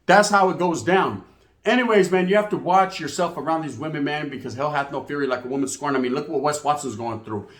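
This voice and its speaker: A man telling street stories in a slang-heavy, profane, animated monologue. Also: a little high, a little fast. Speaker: storyteller host. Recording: echoey room.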